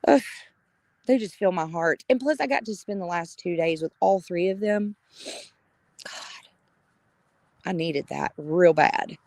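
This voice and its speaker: A middle-aged woman, chatting casually on a live stream, greeting viewers by name with gushing warmth and frequent laughter. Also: lowish voice, unhurried, vocal fry, pauses often, dry recording.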